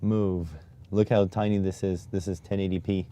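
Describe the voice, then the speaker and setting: A man's voice: low-pitched, flat delivery, moderate pace, dark tone. A man streaming live, muttering to himself and getting exasperated while he fiddles with display settings. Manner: exasperated, keeps sighing oh my God. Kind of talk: casual live-stream talk.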